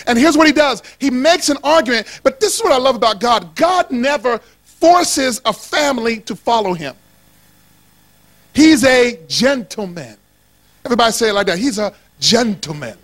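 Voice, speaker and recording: A man with a strikingly high voice preaches to a church congregation. His delivery is animated and playful, drawing the room into call-and-response and rising to shouts on key lines. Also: a little fast. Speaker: pastor. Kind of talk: sermon.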